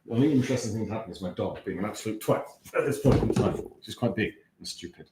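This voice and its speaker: A man's voice: on the low side, animated, fast talker, heavy background noise. A man with an English accent co-hosting a casual fan watch-along, speaking in a well-enunciated, wry and rambling way. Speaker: fan channel co-host.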